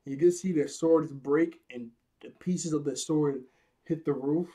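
A young man with a fairly high, warm and mellow voice chats through an anime episode recap. He laughs often and slips into character voices to act out scenes. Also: unhurried. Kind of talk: casual recap commentary.

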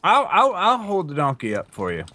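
A man's voice: high-pitched, wildly swooping pitch, brisk, bright, forceful tone, no room sound. A man chatting casually with another player during a game, explaining things plainly and joking around. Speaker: fellow player on a game server.

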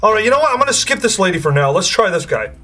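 A young man hosting gameplay commentary with excitable, crude, jokey banter. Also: high-pitched, racing. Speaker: gaming video host.

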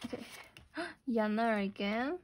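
Young woman unboxing stuff, gets super excited, gasps and squeals, bit high voice, faint hiss and clicks behind. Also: slow. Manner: gushing, excitable, gasps and squeals over pulls. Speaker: unboxing vlogger. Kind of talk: casual unboxing commentary.

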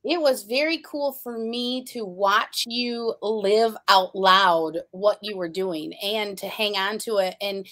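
A woman guest telling her story in a blunt, animated way during a casual interview chat. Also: mid-range voice, slow, hardly any pauses.

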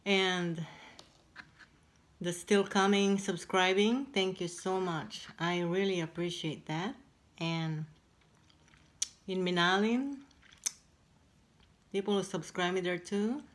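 A woman chatting casually in a mukbang video, pausing to eat between halting words. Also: fairly low pitch, steady tone. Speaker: eating-show vlogger.

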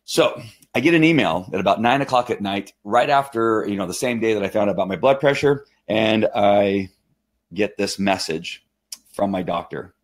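A man hosting a live stream, talking casually in an excitable, rambling way with many restarts. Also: lowish voice, moderate pace.

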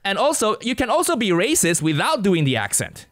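A man's voice: sits high, wildly swooping pitch, brisk, fairly bright tone, no room sound, studio quality. A young man from Asia, a comedian and guest on a casual podcast, laying out his view point by point. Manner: lays out his argument point by point.

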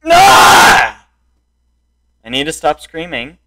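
A young man yelling and grumbling at a game he can't beat. His voice sits high and bright and swings wildly, from low muttering up to sudden shouts. Between the outbursts he talks at an unhurried pace. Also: sing-song, very noisy. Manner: frustrated, yelling and insulting the game. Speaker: gameplay streamer. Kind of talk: raging gameplay commentary.

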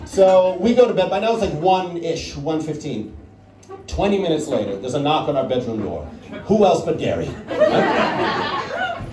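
A man's voice: a little high, huge pitch swings, measured pace, long pauses. A man with an American accent telling a long story on stage as a stand-up comedian, chatty and conversational, often tagging lines with "right?". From Netherlands. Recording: echoey room, from far off, crowd. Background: audience laughter.

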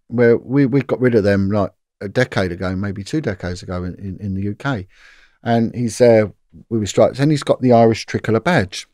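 A man's voice: on the low side, a little mellow, dry recording, studio quality. A middle-aged British man, a former police detective telling a long anecdote in a casual interview, with lots of restarts. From Britain.

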